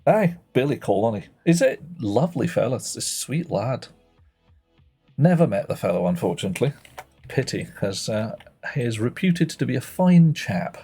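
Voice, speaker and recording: A man's voice: medium pitch, sing-song, normal speed, mellow, husky, faint music behind. A man streaming a puzzle game live, thinking aloud in a playful way and muttering to himself as he works.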